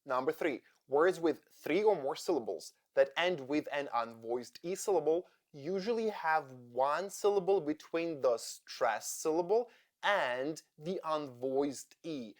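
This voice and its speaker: A man teaching English pronunciation in a scripted lesson, speaking deliberately and spelling out sounds one by one. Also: fairly high pitch.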